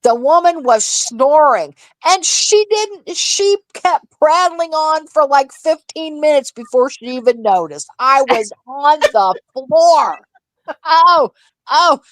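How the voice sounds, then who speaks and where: A woman co-hosting a casual livestream chat, telling gossip in an animated, profane, laughing way. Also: sits high, slow, no room sound. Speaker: livestream co-host.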